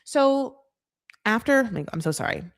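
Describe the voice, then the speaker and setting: A woman's voice: on the high side, very animated, gravelly, no room sound, clean studio sound. A woman hosting a casual reality TV recap, talking in a rambling, chatty way full of fillers. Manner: acts out cast members in quick quoted voices.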